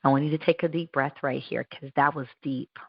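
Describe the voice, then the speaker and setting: A woman with a low voice hosts a radio show and gives a warm, encouraging faith talk. She speaks earnestly in a loose, conversational way and often restarts her sentences. The sound is dry and a little dull. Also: steady tone, brisk, creaky, husky, no room sound.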